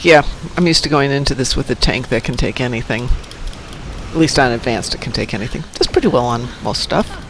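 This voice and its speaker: A man's voice: medium pitch, sing-song, fairly quick, fairly bright tone, a little hiss or hum. A man giving casual, joking commentary while playing a video game, poking fun at himself and his team. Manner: joking, self-mocking, makes pew-pew sounds. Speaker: gameplay commentator.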